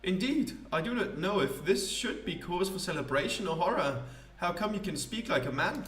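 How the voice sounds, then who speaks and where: A flamboyant, self-important vagrant poet holds court in a game voice-over, put on by a man. The voice sits well above a plain speaking pitch and stretches its ornate sentences out grandly. The sound is roomy, as if picked up from a little away from the mic. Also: expressive, a bit bright, distant mic, soft background music. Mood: grandiose. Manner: grandiloquent, theatrical, drawn-out phrasing.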